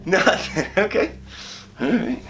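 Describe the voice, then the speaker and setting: A man's voice: high voice, expressive, takes it slowly, a bit bright, a little hiss or hum, exaggerated voice. An actor playing a rambling, crude construction foreman, stammering through a mock true-crime interview. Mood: excited.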